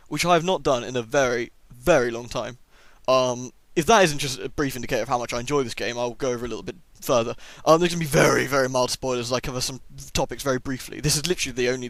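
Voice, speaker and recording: A man's voice: mid-range voice, a bit bright, no echo. A man who has a cold, chatting enthusiastically through a casual first-impressions game review with plenty of ums. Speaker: gaming YouTuber.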